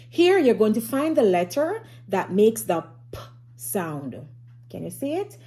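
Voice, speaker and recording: A woman's voice: fairly high pitch, dark tone. A woman teaching a phonics lesson to young children, encouraging and sing-song, who sometimes drops to a whisper to build suspense.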